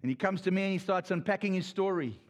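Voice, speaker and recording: A middle-aged South African pastor preaching a sermon with fast, impassioned delivery and quick asides to the congregation. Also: male voice, high voice.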